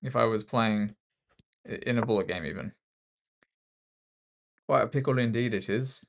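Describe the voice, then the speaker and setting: Gravelly Australian chess streamer. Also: male voice, on the low side, moderate pace. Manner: self-mocking, joking banter with the opponent. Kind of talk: casual live commentary while playing chess.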